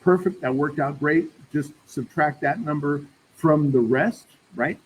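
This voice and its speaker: A man teaches a math class as a casual, chatty lecture, addressing the class as "y'all" and checking in with "right?". His pitch is fairly high and his pace unhurried. The recording is rough, with slight background noise.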